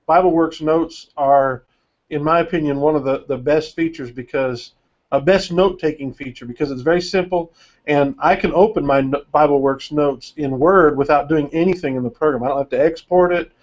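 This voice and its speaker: A man hosts a podcast chat, calm and measured, and gives his opinions plainly. His voice sits a little high. The audio is dull and lo-fi. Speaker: podcast host.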